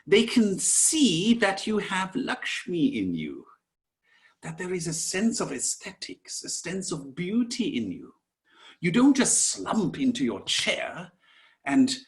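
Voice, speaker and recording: Teaching Sanskrit online, this man speaks in a high-sitting voice with a slow, gentle manner. He addresses his students as "my dears" and at times lowers his voice to a soft whisper.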